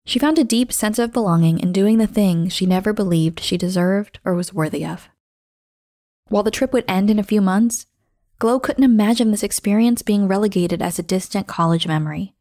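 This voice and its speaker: A woman narrates a scripted story as host, reading at a steady, measured pace. Her voice sits at an ordinary middle pitch, and she slows down on key phrases for emphasis. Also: no echo, clean studio sound.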